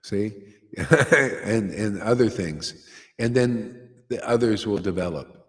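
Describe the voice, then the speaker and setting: A man's voice: on the low side, lively intonation, slow. A man giving an informal devotional talk as a spiritual teacher, loose and conversational, often tossing in "see?" and "man". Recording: long hall reverb.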